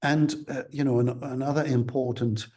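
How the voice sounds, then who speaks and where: A man giving an academic seminar lecture, explaining things in a measured way. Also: mid-range voice, steady tone, a little mellow.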